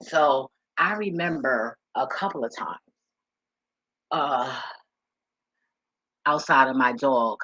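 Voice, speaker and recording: Her voice rumbles low yet sounds fairly bright and slightly rough, moving slowly with frequent pauses. This woman vlogger candidly shares personal stories to camera, swearing freely and repeating words when emotions rise, in dull, echo-free audio.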